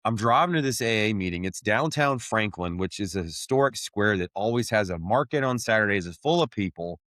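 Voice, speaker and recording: A man's voice: lowish voice, expressive, brisk, fairly bright tone, no room sound, studio quality. A man telling his own story on a podcast, candid and blunt, swearing casually and calling people "man.". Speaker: podcast host sharing his testimony.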